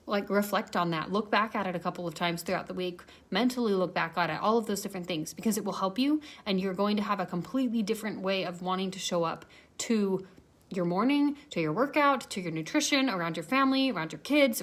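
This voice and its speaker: Fitness coach lady hyping up her challenge group, chatty, keeps repeating stuff, mid pitch. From Arizona. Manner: encouraging, chatty, repeats phrases. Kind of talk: motivational talk to camera.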